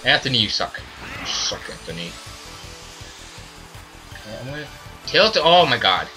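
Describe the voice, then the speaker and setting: A man playing a video game and commenting, ranting loudly at his teammates in a put-on silly voice. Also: fairly high pitch. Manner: loud, frustrated ranting at teammates. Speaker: let's play gamer. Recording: faint game music behind. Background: game music.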